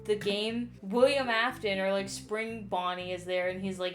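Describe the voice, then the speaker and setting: A woman's voice: medium pitch, steady tone, moderate pace, hardly any pauses, a bit bright, soft background music. A drunk young woman casually explaining game lore, rambling, swearing and stammering in exasperation.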